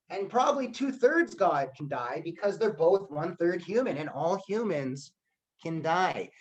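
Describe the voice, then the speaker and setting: A man's voice: sits high, low-quality recording. Guy teaching history online, retelling a myth all playful, voice jumps around a lot. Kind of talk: online class storytelling.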